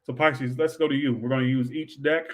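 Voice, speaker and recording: A man's voice: mid-range voice, fairly even intonation, fairly quick, low-quality recording. A man giving a casual livestream tarot reading. He rambles and swears offhand, says he is tired, and keeps adding "all right". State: tired, low on energy. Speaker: tarot reader.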